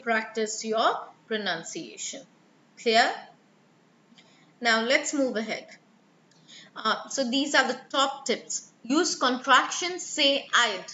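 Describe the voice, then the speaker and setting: A woman's voice: fairly high pitch, pushed and bright, slight background noise. A woman teaching a live online IELTS speaking lesson, explaining stress and sounds and demonstrating example words. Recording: echoey room, slightly dull sound.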